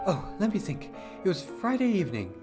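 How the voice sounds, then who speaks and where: A man voicing a sweet, eager young girl in a game, in a high, bubbly voice. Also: huge pitch swings, fairly quick, music in the background. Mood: chatty. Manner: high, bright, bubbly girlish voice.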